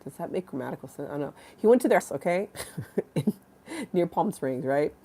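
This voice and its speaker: A woman's voice: low-pitched, animated, fairly quick, vocal fry, mellow. A congested woman hosting a live stream, rambling and giggly as she chats with viewers and reads the chat aloud. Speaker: livestream host.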